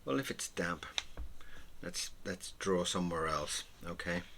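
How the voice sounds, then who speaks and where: A man teaching drawing in a relaxed, playful way, encouraging the listener and often dropping to a whisper. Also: deep voice, measured pace, gravelly, noisy background. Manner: soft-spoken, often drops to a whisper. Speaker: art teacher.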